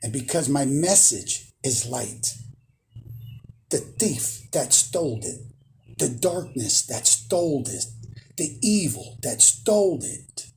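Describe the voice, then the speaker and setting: A man's voice: mid-range voice, very animated, takes it slowly, creaky, darkish tone, a little hiss or hum. A man who hosts a spiritual channel, giving a boastful, emphatic monologue to camera and repeating phrases for emphasis.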